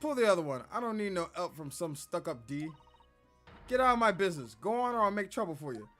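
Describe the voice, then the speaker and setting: A man's voice: sits high, expressive, fairly quick, fairly bright tone, soft background music. A man voicing a brash, streetwise young female pickpocket, talking back in snappy slang while reading game dialogue on stream. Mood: defiant.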